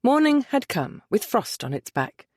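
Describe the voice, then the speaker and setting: A woman narrating a romance audiobook in a measured, expressive reading. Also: fairly high pitch, no room sound, clean studio sound.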